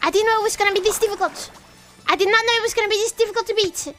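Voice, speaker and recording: A woman from Europe commentating her live game stream in an excitable way, often breaking into startled shrieks. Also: very high voice, rapid-fire, soft background music.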